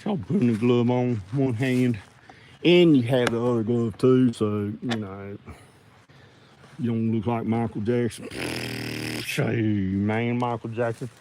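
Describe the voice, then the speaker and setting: A man rambling and joking casually to viewers as he clears out old junk. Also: medium pitch, fairly even intonation, a little slow, pauses often, background noise. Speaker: video creator.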